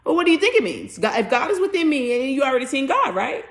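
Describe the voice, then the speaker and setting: Brief: young woman spiritual coach, casual animated astrology chat, jumps high when acting out voices. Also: fast. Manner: animated, acts out voices, laughs, swears. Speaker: spiritual coach and tarot reader. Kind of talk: casual astrology and tarot talk.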